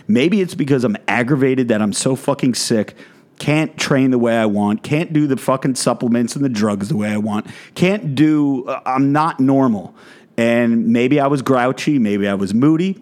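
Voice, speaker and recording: A man's voice: mid-range voice, darkish tone. A man, a fitness content creator, delivering a blunt, profane rant in a vlog monologue.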